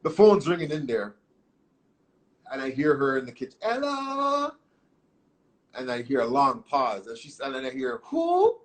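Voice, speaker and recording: A man telling his life story as an interview guest, in animated, profane street slang. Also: mid-range voice, fairly quick. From Canada. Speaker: guest artist.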